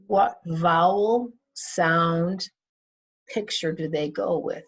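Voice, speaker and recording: Slow, gravelly-voiced woman teaching vowels. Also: lowish voice. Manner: says example words twice, stretching the vowel sounds. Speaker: English teacher. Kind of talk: slow, careful classroom review.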